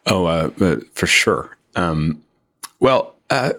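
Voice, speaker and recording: A man in his forties, an author guest in an interview, talking slowly and deliberately with many fillers. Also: low-pitched, animated, fairly bright tone. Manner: slow, deliberate, with frequent fillers. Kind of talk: interview discussion.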